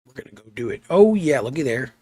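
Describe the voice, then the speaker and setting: A young man chatting in a relaxed, rambling way while streaming a game, trailing off into asides. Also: medium pitch, fast, slightly rough, no room sound. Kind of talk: relaxed live stream chat.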